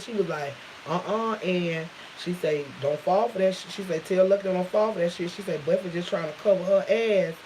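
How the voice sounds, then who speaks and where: Heard through a low-quality recording with some hiss or hum, a woman vlogger with a lowish voice casually relays a dramatic story. She swears freely, uses rich dialect, and acts out what others said, shifting voices for each quote.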